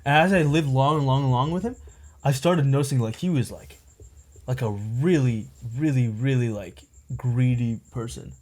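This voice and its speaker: A man's voice: medium pitch, normal speed, a little mellow. A young man on a podcast telling a long personal story in casual chat, rambling and packed with filler words. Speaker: podcast co-host.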